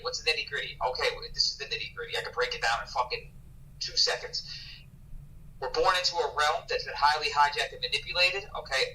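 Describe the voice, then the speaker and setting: A man with a very bright, cutting voice rants on a livestream, swearing and hammering points with repeated words. He sits back from the mic, so his voice sounds distant over a faint hiss. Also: medium pitch. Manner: emphatic, profane, repeats words, calls listener bro. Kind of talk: heated casual livestream rant.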